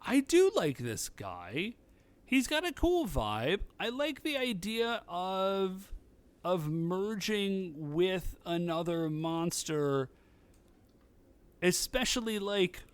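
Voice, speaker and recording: A man's voice: high voice, sing-song, takes it slowly, clear, resonant tone. A man co-hosting a podcast, chatting casually and animatedly retelling scenes. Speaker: podcast co-host.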